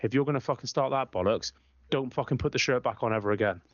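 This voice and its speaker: Brief: bloke, mid-pitch, foul-mouthed football rant, dry muffled lo-fi recording. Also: male voice, fast talker, dry recording. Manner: ranting, swears constantly, blunt. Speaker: podcast co-host, football fan. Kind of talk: heated casual chat. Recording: dry, slightly muffled lo-fi sound.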